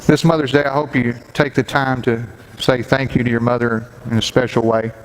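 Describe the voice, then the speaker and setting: A middle-aged man, a pastor giving a Mother's Day sermon and telling a personal story with gentle humor. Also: mid-range voice, little pitch movement, brisk. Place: church sanctuary. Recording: long hall reverb, faint background noise.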